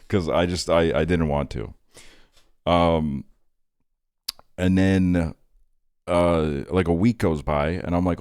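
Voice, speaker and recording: A young man with a very low voice spins a casual personal story for his stream. He rambles with plenty of fillers and chuckles at his own tale. The sound is close and dry, with no room behind it. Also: measured pace, a little mellow, no room sound. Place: home streaming setup.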